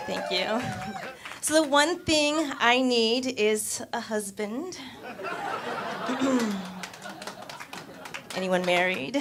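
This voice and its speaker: A young woman performing a stand-up comedy set on a club stage, landing her punchlines deadpan and putting on voices for the people she quotes. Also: medium pitch, noisy background.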